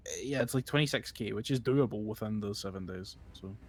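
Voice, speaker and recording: A man's voice: fairly low pitch, brisk. A man chatting in character during a roleplay game, rambling through stories with frequent laughter and swearing. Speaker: streamer playing a roleplay character. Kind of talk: casual in-character roleplay chat.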